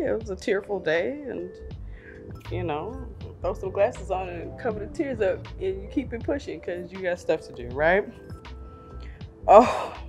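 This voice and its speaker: A woman's voice: lowish voice, darkish tone. Laughing, self-mocking woman vlogger. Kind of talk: casual chat reviewing old photos.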